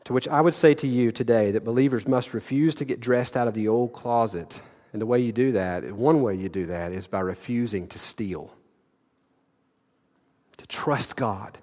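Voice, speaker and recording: A man's voice: mid-range voice, moderate pace, a little mellow. A middle-aged male pastor preaching an earnest sermon, repeating words and asking the congregation direct questions. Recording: long hall reverb.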